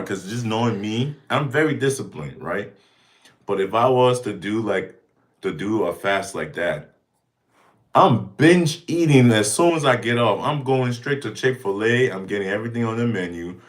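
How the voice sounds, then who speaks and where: A man in his thirties hosting a casual livestream Q&A, talking emphatically and repeating himself, breaking into jokes. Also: lowish voice. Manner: emphatic, repetitive, joking, with bursts of mock voices. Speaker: fitness streamer answering viewer questions.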